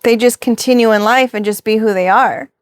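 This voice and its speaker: Reflective woman reader, higher voice, close dry mic, rhetorical questions. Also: brisk, no room sound. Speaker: tarot reader. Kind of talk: spiritual reading to camera.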